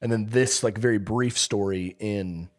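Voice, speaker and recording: A man, a pastor, in casual chat about a sermon, chatty and self-mocking, quick to laugh. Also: fairly low pitch. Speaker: pastor, podcast co-host.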